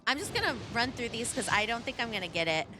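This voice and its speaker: A woman streaming a game live, talking to her chat and breaking into excited squeals. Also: on the high side, quick pace, music in the background.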